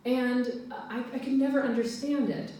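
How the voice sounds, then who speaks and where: A woman's voice: fairly even intonation, normal speed, dark tone, slight background noise. Giggly American woman telling stand-up stories. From United States. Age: 40s. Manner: chatty, giggly, acts out quotes in high voices. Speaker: stand-up comedian. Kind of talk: stand-up storytelling. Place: live room with audience. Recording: distant mic in echoey room.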